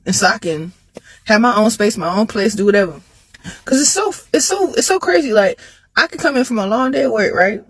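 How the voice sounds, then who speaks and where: A woman talking casually to camera, animated, laughing between phrases and jumping high in pitch when she makes a point. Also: brisk, breathy edge, dry recording. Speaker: vlogger.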